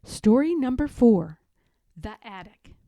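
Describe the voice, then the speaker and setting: A woman reading a children's picture book aloud, expressive and giving voices to the dialogue, in a quiet small room. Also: fairly high pitch, slow pace, dry recording. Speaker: read-aloud narrator.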